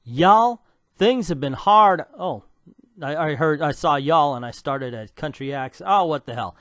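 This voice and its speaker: A man's voice: on the high side, moderate pace, fairly bright tone, dry recording, studio quality. A man mockingly voicing a tough, weary young female superhero in a campy put-on voice with a drawl. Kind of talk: mocking comic read-aloud.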